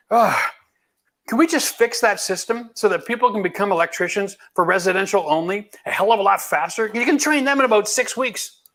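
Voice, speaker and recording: A man's voice: high-pitched, sharp tone. A middle-aged man from Canada, a home renovation host answering viewer questions in a blunt, emphatic, folksy way. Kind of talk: live Q&A chat.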